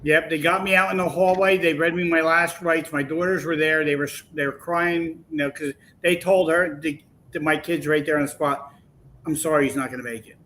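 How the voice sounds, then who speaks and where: Animated storytelling man, bright voice. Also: fairly high pitch, moderate pace, a little hiss or hum, poor audio. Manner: animated, acts out quoted voices. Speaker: podcast guest. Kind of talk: casual storytelling.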